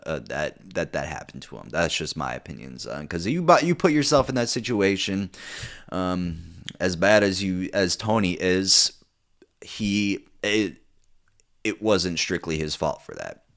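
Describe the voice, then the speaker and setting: Deep-voiced rambling profane young man. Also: sing-song, unhurried, vocal fry, a bit bright. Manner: rambling, profane, many fillers and restarts. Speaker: TV show reviewer. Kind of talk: casual unscripted commentary.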